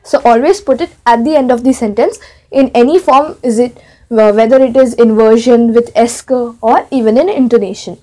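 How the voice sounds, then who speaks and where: A woman with a high voice teaches a French grammar lesson, speaking in English. She explains each point step by step and opens many sentences with "so", with some small fillers along the way. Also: normal speed, mellow. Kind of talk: online language lesson.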